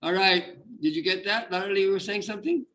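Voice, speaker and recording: A man's voice: sits high, brisk, fairly bright tone, rough recording. A man teaching a casual online class, explaining step by step with frequent restarts and fillers over a video call. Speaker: Sanskrit teacher.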